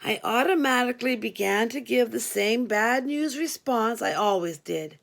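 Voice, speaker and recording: A woman reading a novel aloud in an expressive way, doing voices for the characters. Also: fairly high pitch, moderate pace, gravelly. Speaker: audiobook reader.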